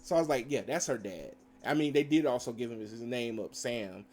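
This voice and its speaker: Talking fast in a medium-pitched, slightly mellow voice, this male show reviewer recaps cartoon episodes. He rambles loosely through scenes, voicing the quotes and dropping in frequent fillers.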